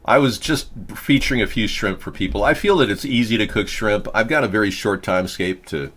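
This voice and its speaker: A man's voice: low-pitched, a bit bright. A man hosting a casual political talk show, rambling from story to story with a joking, sarcastic manner. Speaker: host.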